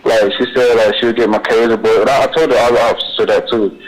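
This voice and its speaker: A young man, answering questions in a recorded police interview, halting and rambling, repeating himself with many fillers. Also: mid-range voice, steady tone, faint music behind, poor audio.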